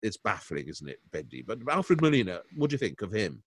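An older man in casual critical chat, digressing and laughing as he goes. His pitch swings widely and he sounds close, with no room around him. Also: big pitch swings, fairly quick, slightly rough, dry recording. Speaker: art critic, podcast co-host.

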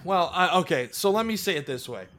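A man's voice: a little high, brisk. A man in casual sports chat, arguing his points emphatically, with swearing and frequent restarts. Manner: animated, emphatic, profane, lots of restarts.

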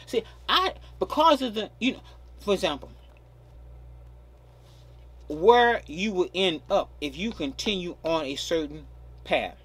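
A man's voice: high voice, lively intonation, unhurried, long pauses, fairly bright tone, slightly rough. A man preaching a sermon, stressing key words and stretching them out, often repeating himself. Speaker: pastor.

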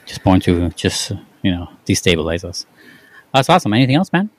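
A man's voice: low voice, sing-song, fairly quick, no room sound. A man hosting a casual podcast chat, easygoing and wry, steering the talk with questions to his co-hosts. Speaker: podcast host.

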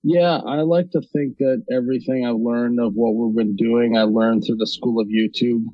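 Flat-toned man, hesitant guest. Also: mid-range voice, normal speed, dry recording, dull audio. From North Dakota, USA. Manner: hesitant, many ums and restarts. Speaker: podcast guest, video creator. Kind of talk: casual interview conversation.

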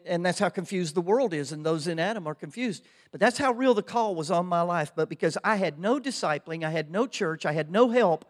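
Older Oklahoma pastor preaching in a hall. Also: male voice, on the high side. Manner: preaching with rising fervor, repeating phrases. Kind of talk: sermon. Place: church sanctuary.

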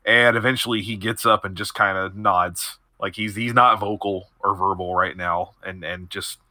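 A man's voice: lowish voice, steady tone, moderate pace, sharp tone, dry recording. A man playing a tabletop game over an online voice call, rambling with many fillers as he describes his character. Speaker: player. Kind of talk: casual tabletop role-play.

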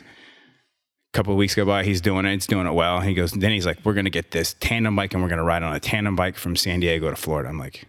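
A man with a very low, deep voice tells a long personal story in a casual interview. He rambles, restarts his sentences and slips in sarcastic asides. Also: steady tone, fast talker, fairly bright tone. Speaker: guest, gym owner and trainer.

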